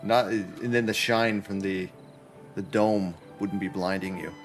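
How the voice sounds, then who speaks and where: A man's voice: low voice, steady tone, unhurried, soft background music. Chatty man streaming a game. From Canada. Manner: chatty, joking, talks to chat while playing. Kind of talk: casual gaming livestream commentary. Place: his apartment.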